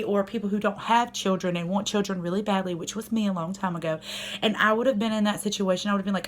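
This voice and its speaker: Candid young mom rambling to camera. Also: female voice, medium pitch, fairly quick, slight background noise. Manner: candid, rambling, lots of fillers. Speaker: vlogger, young mother. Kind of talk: casual personal vlog, talking to camera. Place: at home.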